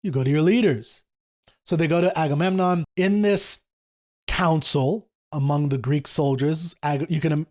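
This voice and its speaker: A middle-aged man hosting a casual lesson on an epic poem, reading quoted speeches slower and lower than his explaining. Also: darkish tone. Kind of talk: casual lecture with read-aloud quotes.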